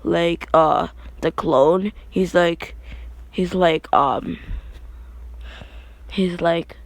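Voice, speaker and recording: A man's voice: fairly high pitch, steady tone, very slow, vocal fry, no echo. A young man casually retelling an anime fan story, rambling with many fillers and restarts.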